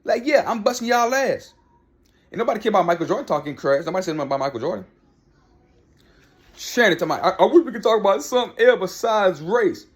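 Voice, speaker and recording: A man's voice: sits high, animated, fast. A man ranting heatedly about sports in a vlog, repeating himself and talking back to people by name. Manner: fired-up, repetitive, talks back to people by name. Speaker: sports commentary vlogger. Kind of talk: heated opinion rant.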